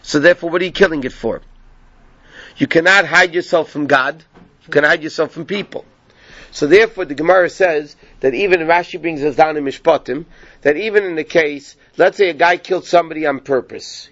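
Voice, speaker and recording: A man's voice: fairly high pitch, a little fast, a bit bright, no room sound, muffled recording. Man telling a Torah lesson story. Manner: conversational, asks "yeah?" of listeners. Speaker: Torah teacher.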